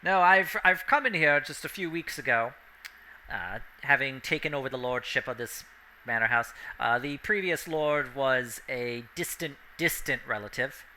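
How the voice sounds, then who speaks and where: A man's voice: mid-range voice, normal speed, bright, forceful tone, a little hiss or hum, rough recording. A man voicing a haughty, condescending noble lord who is a necromancer, for a tabletop game. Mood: gracious. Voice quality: haughty, condescending, politely stiff. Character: pompous new male noble lord, a necromancer.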